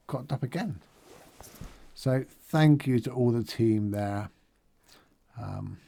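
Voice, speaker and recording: A man's voice: medium pitch, a little mellow. A middle-aged man giving a casual, upbeat video-diary recap of a charity challenge day, chatty and rambling with fillers and asides.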